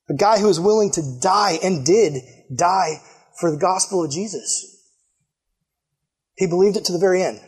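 A young man with a high, light voice gives a laid-back youth sermon. He tells the story in a loose, joking way and laughs at himself often. He talks like a casual storyteller at a church gathering. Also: husky. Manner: animated, jokey, self-deprecating with frequent laughs. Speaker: youth pastor.

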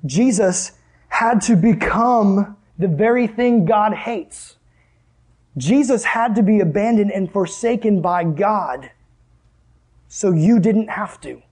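A man preaching a sermon in a conversational way, asking the room questions and dropping to hushed tones for emphasis. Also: high voice, slow.

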